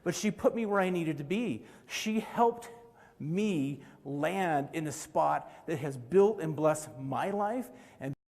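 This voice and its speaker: A man's voice: on the high side, animated, slow, darkish tone. Conference president, middle-aged man, earnest storyteller at a podium mic, reverberant convention hall. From Utah, USA. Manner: earnest, storytelling, with light laughs and fillers. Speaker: organization president giving a conference speech. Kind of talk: live conference speech.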